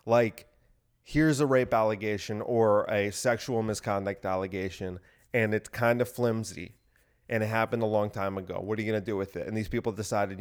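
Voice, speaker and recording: A man's voice: on the low side, a little fast, smooth. A young man ranting sarcastically in a casual solo podcast, swearing often and using "like" a lot. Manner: ranting, profane, sarcastic, heavy on "like". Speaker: podcast host. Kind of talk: solo rant.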